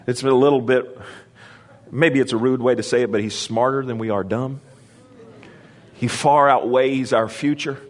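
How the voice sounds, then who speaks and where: A man preaches a sermon in call-and-response style, drawing answers from the congregation and raising his pitch for emphasis. Between those moments he slips into conversational asides and restarts.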